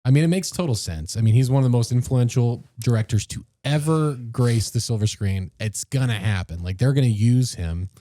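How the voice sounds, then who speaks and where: A man co-hosting a podcast, joking and reacting in animated casual chat. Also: medium pitch, a little fast, hardly any pauses. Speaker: podcast co-host.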